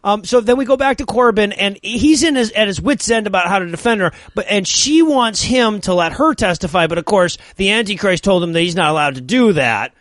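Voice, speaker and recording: A man's voice: high-pitched, animated, fairly quick, hardly any pauses, a bit bright, dry recording. A man co-hosting a comedy podcast, wryly recapping a movie's plot with jokes. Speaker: podcast co-host.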